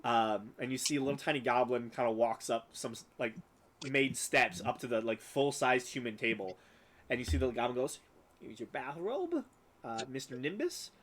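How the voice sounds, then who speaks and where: A man narrates a tabletop game as game master, describing scenes at length. His voice sits at a middling pitch, and his delivery is loose, with frequent fillers. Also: fairly even intonation, fairly quick, fairly bright tone, a little hiss or hum, rough recording.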